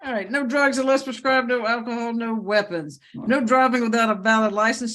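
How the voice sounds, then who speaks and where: A woman judge running a courtroom hearing, reading charges and bond amounts in a brisk, joking manner. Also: medium pitch, a bit bright. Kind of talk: courtroom proceedings.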